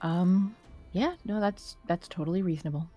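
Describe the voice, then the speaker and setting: A woman playing a tabletop game in casual chat, lively and quick to laugh. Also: on the low side, faint music behind. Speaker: player.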